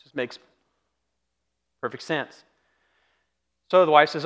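A man's voice: fairly high pitch, a little fast, pauses often, a bit bright. A pastor giving a casual, humorous sermon to his congregation, acting out the people in his stories. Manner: conversational and humorous, acts out quoted voices. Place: church sanctuary.

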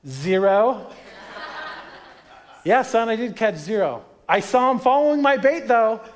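A man in his thirties preaching a sermon with a fairly high, light voice. He talks in a chatty, conversational way and tells stories with quoted voices. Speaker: pastor.

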